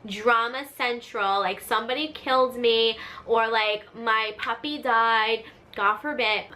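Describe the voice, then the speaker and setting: Woman vlogger, storytime chat, bright higher voice, lots of "like" fillers. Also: unhurried. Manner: animated, chatty, full of "like" fillers. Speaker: vlogger, channel host. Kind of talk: casual storytime monologue.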